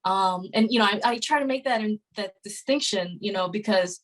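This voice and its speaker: Speaking as a podcast guest, a thirtysomething woman recounts a story in an earnest, casual way, filled with fillers and false starts. The low-quality recording captures her medium-pitched voice moving at a moderate pace.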